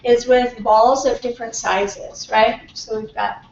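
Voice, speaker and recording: A woman leads a pronunciation class with a slightly high voice, stretching out sample words and asking the room to confirm. She is heard from across an echoey classroom. The sound is a bit dull and carries a faint hiss. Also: steady tone, recorded from a distance. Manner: checks in often with the class, models words slowly. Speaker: pronunciation workshop instructor. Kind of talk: classroom teaching. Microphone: distant room mic.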